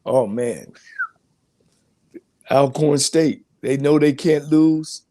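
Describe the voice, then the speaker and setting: A man, a coach, guesting on a sports radio show, giving short answers and halting with fillers. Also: on the high side, dark tone. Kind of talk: casual sports talk radio.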